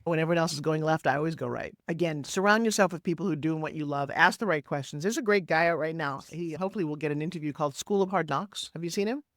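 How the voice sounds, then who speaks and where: A woman in her sixties, a podcast guest talking over a video call, telling her story in an energetic, emphatic way with big swoops in pitch. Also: quick pace, hardly any pauses, no echo, studio quality. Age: 60s. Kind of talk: animated interview storytelling. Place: home office, Florida.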